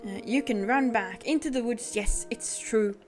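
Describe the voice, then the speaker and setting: A woman voicing a gentle older male tea-shop keeper, reading game dialogue aloud in a polite, formal, soothing way. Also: on the high side, moderate pace, faint music behind, natural voice. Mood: gentle persuasive.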